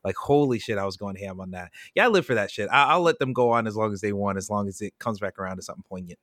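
A young man co-hosting a podcast, chatting casually with loose, profane, excitable storytelling. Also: lowish voice, fast talker, no echo, studio quality. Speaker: podcast co-host.

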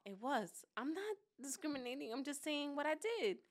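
A woman co-hosting a podcast in casual chat, telling animated stories and laughing often. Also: high voice, moderate pace. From New York. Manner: animated storytelling, acting out others, laughs often. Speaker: podcast co-host.

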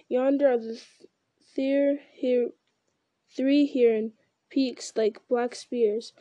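A woman reading a fantasy novel aloud, voicing an old male wizard who speaks with grave, measured command. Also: a little high, warm tone, no room sound, lightly acted. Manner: grave, measured delivery that rises to urgent cries.

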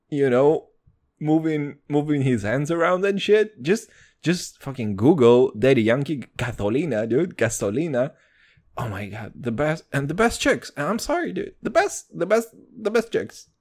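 A young man hosting a podcast, talking in a loose, excitable rush and swearing freely. His pitch leaps up and down all the time, and he keeps saying "dude". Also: unhurried. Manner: excitable, profane, says "dude" constantly. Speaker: podcast host. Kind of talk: casual chat.

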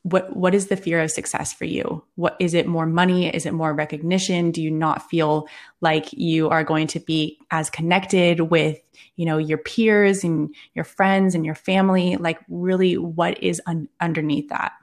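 A woman's voice: fairly low pitch, flat delivery, moderate pace. A woman coach explaining ideas earnestly as a guest on a podcast interview.

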